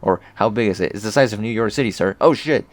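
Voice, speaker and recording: A man's voice: lowish voice, fast talker, no room sound, natural voice. A man voicing a sardonic teenage boy in an online chat, rambling and crude. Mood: snarky. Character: snarky deadpan teenage boy chatting online.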